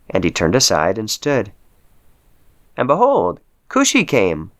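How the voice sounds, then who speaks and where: A man reading scripture aloud with steady, measured narration. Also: lowish voice. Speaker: Bible reader.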